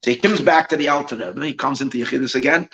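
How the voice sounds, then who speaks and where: A rabbi with a mid-range voice moves at a quick pace through a Chassidic story at an evening gathering, the audio missing its highs. He's lively, restarts many times, and uses Yiddish phrases along the way.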